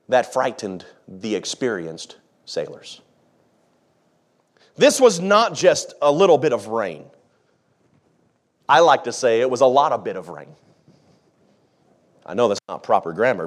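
A man preaching a sermon, who jokes with the congregation and acts out scenes, swinging from hushed asides to shouting. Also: medium pitch. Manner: dramatic, acts out the disciples' panic, swings from quiet to shouting. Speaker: pastor.

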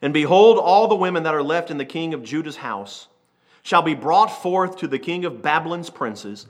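A man preaching a sermon, reading scripture slowly and then retelling it in lively everyday speech, acting out the characters. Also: a little high. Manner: switches from slow King James reading to lively paraphrase.

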